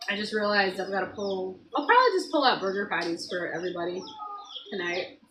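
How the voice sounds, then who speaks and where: A woman hosting a casual morning live stream from her home kitchen, chatting loosely with viewers and greeting them by name, her voice a little hoarse. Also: medium pitch, big pitch swings, brisk, background noise.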